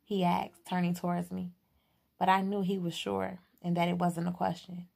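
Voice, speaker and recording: A woman narrating an audiobook in a steady, unhurried reading. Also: lowish voice, creaky. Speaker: audiobook reader.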